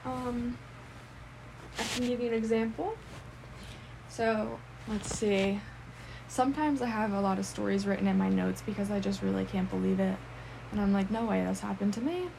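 A woman's voice: medium pitch, little pitch movement, normal speed, gravelly, long pauses, a little mellow, a little hiss or hum. A woman co-hosting a casual podcast, telling stories with swearing and acting out the people she quotes. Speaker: podcast co-host. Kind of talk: casual chat.

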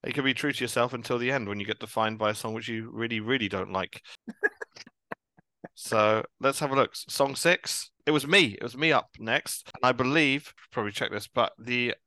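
Man, podcast host, bright forceful voice, dry close sound, chatty, laughs a lot. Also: mid-range voice, moderate pace, dry recording. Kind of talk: casual podcast chat.

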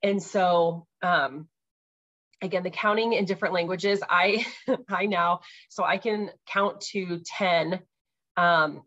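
Chatty mom podcaster, lo-fi sound. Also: female voice, lowish voice, a bit bright. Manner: chatty, many ums and likes, laughs easily. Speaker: podcast host. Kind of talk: casual parenting talk.

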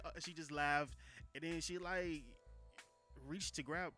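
A man co-hosting a casual podcast, telling animated stories, slipping in "you know what I'm saying" again and again. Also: a little high, a little slow, soft background music. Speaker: podcast co-host. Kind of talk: casual podcast banter and storytelling.

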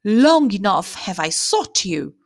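Woman playing a gruff hunter, brisk and stern. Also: medium pitch, sing-song, exaggerated voice. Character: gruff male huntsman.

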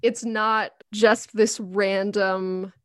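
A woman's voice: mid-range voice, level tone, very slow, no echo, studio quality. A young woman co-hosting a podcast, talking in an emphatic, enthusiastic casual way. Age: young adult. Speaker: podcast co-host.

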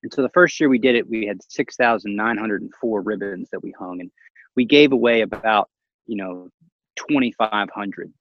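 A man's voice: on the low side, normal speed, no echo. Guy telling a story in a casual chat, does the voices, dry sound, kinda muffled. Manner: animated, acts out quoted voices, laughs often.

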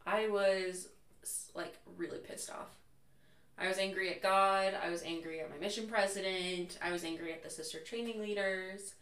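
A woman's voice: medium pitch, normal speed. Candid young woman telling a story. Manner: candid, animated storyteller who acts out quotes. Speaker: interview guest. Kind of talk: casual storytelling chat. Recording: roomy echo, voice far from mic.

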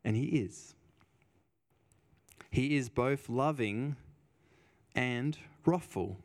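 A man with a medium-pitched voice preaches a conversational sermon at an extremely slow pace. He's emphatic, repeating phrases for weight and telling personal stories.

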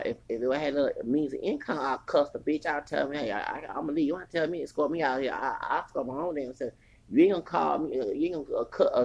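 A podcast host in their forties tells a long, rambling story, swearing heavily and getting more heated as it goes. The voice is medium-pitched, slightly rough, with vocal fry.

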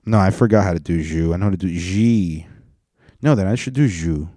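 A man's voice: low voice, fairly quick, dark tone, no room sound, studio quality. A man hosting a podcast, rambling profanely through a comedic rant and slipping into joke accents. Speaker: podcast host.

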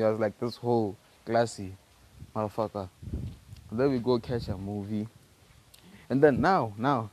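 A man's voice: on the low side, darkish tone. A teenage man from Africa, telling a loose, slangy story on his own podcast, full of restarts and repeated words. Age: teens. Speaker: podcast host.

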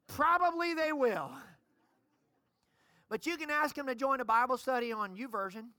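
A middle-aged woman pastor preaching a sermon, calling on the congregation to shout amen. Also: high voice, expressive, moderate pace, pauses often, dry recording, studio quality. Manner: preaching, calls for amens from the congregation.

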